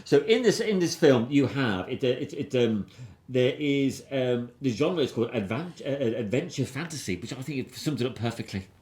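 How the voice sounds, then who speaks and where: A man's voice: mid-range voice, expressive, moderate pace, darkish tone. A man hosting a film review podcast, rambling and enthusiastic in casual chat, with frequent restarts. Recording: roomy echo.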